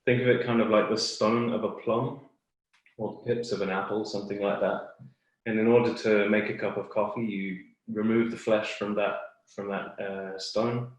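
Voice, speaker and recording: A man explaining clearly and patiently as a guest expert on a webinar. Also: fairly low pitch, flat delivery, normal speed, heavy reverb, poor audio.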